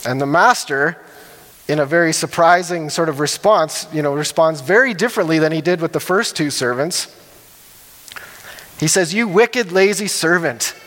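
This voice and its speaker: A man preaches in a relaxed, conversational way, checking in with his listeners as he talks. His voice sits slightly high for a man. A long reverb trails each phrase, as in a large hall. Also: normal speed. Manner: conversational, asks "right?" often. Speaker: pastor. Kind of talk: sermon.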